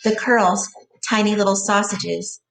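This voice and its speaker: Woman teacher reading aloud, gravelly, plain delivery w/ quick side explanations. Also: medium pitch, steady tone, far from the mic.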